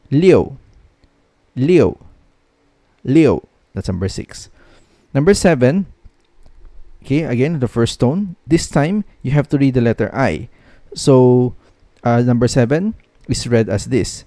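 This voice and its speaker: A man's voice: mid-range voice, mellow, no echo. A man teaching a language lesson, patiently repeating each word three times.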